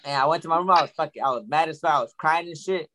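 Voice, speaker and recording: A man's voice: fairly high pitch, racing, sharp tone, a little hiss or hum. A young man co-hosting a podcast, telling a rambling, profane story in casual chat. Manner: rambling, profane, acts out quotes. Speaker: podcast co-host.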